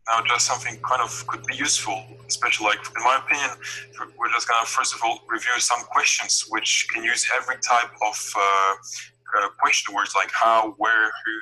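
Bright-voiced young man teaching on a call. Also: medium pitch, fairly even intonation, a little fast, husky, low-quality recording. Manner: explains patiently with many fillers and restarts. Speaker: language tutor. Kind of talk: casual online lesson. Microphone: video call.

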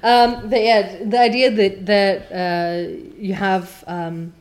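A woman's voice: mid-range voice, level tone, takes it slowly, a little mellow. A woman host who reads a novel aloud and chats about it in a casual, rambling way. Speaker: reader and podcast host.

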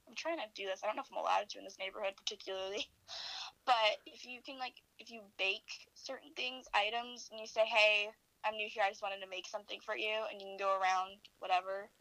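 A teenage girl guest chats casually, giggling often and hedging her thoughts. Her voice is bright and a bit high. The recording is close and dry. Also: fairly even intonation, a little fast, no room sound, poor audio. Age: teens. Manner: giggly, hesitant, full of fillers. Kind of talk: casual chat.

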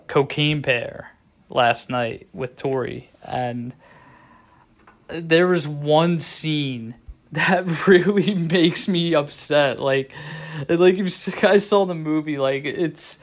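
A young man hosts a casual solo show in a slightly high voice, talking slowly and stopping often to restart. He rambles and sounds choked up, close to tears. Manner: rambling, halting, many restarts and fillers. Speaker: show host.

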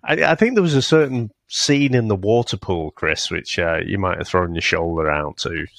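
A man with a low, slightly bright voice and vocal fry talks at a moderate pace, co-hosting a relaxed podcast chat about a film. He rambles, swears and laughs frequently.

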